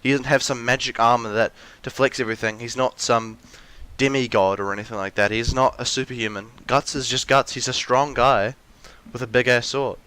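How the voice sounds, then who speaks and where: A man's voice: mid-range voice, steady tone, brisk, few pauses, sharp tone, clean tone. A young man in a ranty, rambling monologue, full of restarts and fillers, with mocking acted-out quotes of characters. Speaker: video essayist.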